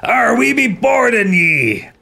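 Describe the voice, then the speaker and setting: A man's voice: very high-pitched, big pitch swings, slow, vocal fry, pushed and bright, voice pushed up, full character voice. A man voicing a boisterous male pirate captain in hammy pirate talk, with an accent that keeps slipping. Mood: rowdy.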